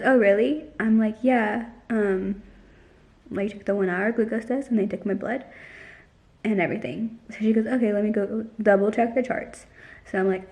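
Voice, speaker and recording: A woman's voice: fairly high pitch, a little mellow. A young woman vlogging casually, telling a story in a chatty way with lots of "like" and acting out the lines of others. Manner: chatty, heavy use of "like", retells dialogue.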